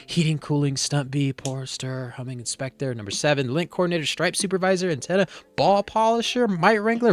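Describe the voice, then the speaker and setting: A man's voice: animated, brisk, faint music behind. A man reading a film script aloud for comedy, doing all the character voices himself and adding dry asides. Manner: jumps into high, loud voices for the characters, then back to dry asides.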